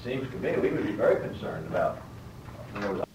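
A man's voice: on the low side, very animated, quick pace. Man lecturing from a distant mic. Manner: explains step by step, rephrases, asks the class questions. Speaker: Bible teacher. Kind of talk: classroom Bible lecture. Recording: roomy, distant mic, faint background noise.

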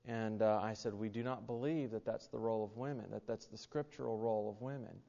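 A man's voice: lowish voice, fairly even intonation, a little fast, vocal fry, mellow. Folksy preacher man in an echoing hall. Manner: folksy storytelling, many fillers and restarts. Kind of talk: sermon with personal anecdote. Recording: dull sound in a reverberant hall.

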